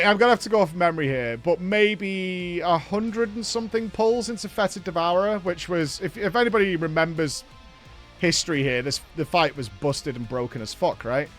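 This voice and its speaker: A man hosting a live stream, rambling through a story with plenty of swearing and pausing to thank viewers. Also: sits high, fairly bright tone. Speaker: streamer and show host.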